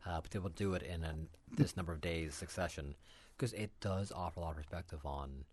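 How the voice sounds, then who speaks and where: A man's voice: sits low, fairly quick, darkish tone, slight background noise. A man co-hosting a radio talk show, chatting in a playful, jokey way. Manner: playful, jokey, laughs often. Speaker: radio co-host. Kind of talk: casual radio chat.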